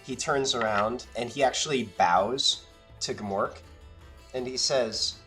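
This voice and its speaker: A man narrating a tabletop game as game master, halting with many ums and uhs. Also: mid-range voice, a bit bright, soft background music.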